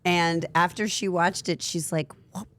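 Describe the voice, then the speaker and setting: A woman's voice: low voice, expressive, moderate pace. A middle-aged woman from New England hosting a casual chat, talking in a chatty, self-deprecating way and laughing easily. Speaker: host.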